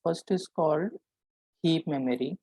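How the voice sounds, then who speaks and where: A man teaching a programming lesson, explaining step by step and often checking in with a quick "right?". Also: fairly high pitch, dark tone, breathy edge, no room sound, low-quality recording. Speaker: programming instructor. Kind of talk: live coding lesson.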